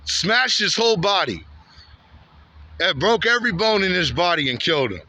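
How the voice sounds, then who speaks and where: Out on a street, a vlogger from Santa Ana, California narrates a walking vlog in a high, sing-song voice that's pushed and bright at a normal pace. The story wanders, loops back on itself, and runs hot, and he keeps capping lines with "man" or "bro."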